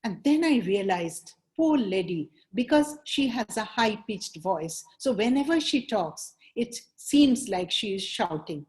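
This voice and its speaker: A woman's voice: medium pitch, expressive, a little slow, few pauses, a little mellow. A woman with an Indian English accent, an image consultant giving a webinar lecture and acting out example sentences with shifting emphasis.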